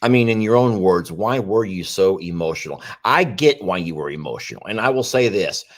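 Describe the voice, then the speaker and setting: Lively rambling man, low voice. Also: brisk. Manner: rambling, repeats phrases, jumps up in pitch when exclaiming. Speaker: co-host of a horse sanctuary livestream. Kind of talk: casual chat.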